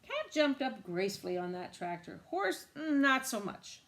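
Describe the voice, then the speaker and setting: A woman reading a children's picture book aloud, animated, with asides to young listeners. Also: on the high side, moderate pace. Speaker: reader.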